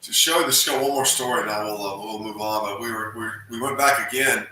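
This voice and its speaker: A man's voice: lowish voice, fairly quick, sharp tone. Man, host, casual storyteller, very roomy echo, faint background noise. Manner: storytelling, friendly questions. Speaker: host and interviewer. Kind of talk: casual interview chat. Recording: very echoey room, distant mic, faint noise.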